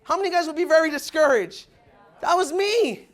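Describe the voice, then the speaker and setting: A young man giving an energetic motivational business talk to a crowd, calling them "guys" and acting out what people said. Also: extremely high pitch, normal speed. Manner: energetic, addresses the crowd as guys, acts out quotes. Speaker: motivational speaker.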